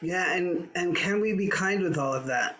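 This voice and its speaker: Male guest, calm and reflective, measured coaching delivery, a touch high-voiced. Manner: gentle, unhurried, coaching tone. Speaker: diversity activist guest. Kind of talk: calm reflective conversation on mindfulness.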